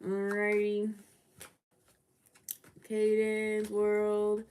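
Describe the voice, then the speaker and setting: A woman's voice: mid-range voice, completely flat delivery, extremely slow, a little mellow. A woman hosting a casual livestream of readings, chatty and laughing often, greeting viewers by name. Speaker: livestream tarot reader and host.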